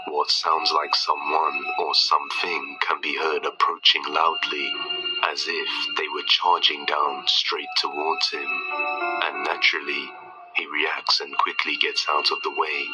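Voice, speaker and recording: A man narrating a spooky video compilation in a scripted, measured, ominous way. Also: extremely low pitch, poor audio. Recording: loud background music under the voice.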